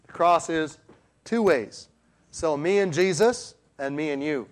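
A man preaching a sermon, firing rhetorical questions at the congregation and swinging between quiet and loud passages. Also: on the high side, unhurried.

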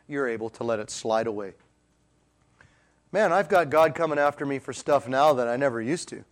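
A man preaches a sermon in a medium-pitched voice. He fires rhetorical questions at the congregation and swings between quiet and loud passages.

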